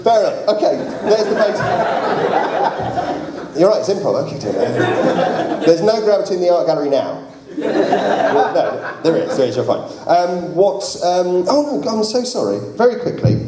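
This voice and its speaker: A man's voice: sits high, sing-song, a little fast, heavy background noise. A man running an improvised role-playing game show, narrating playfully and laughing often in a big convention hall. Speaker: game master. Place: large convention hall with live audience. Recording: echoey hall, loud crowd.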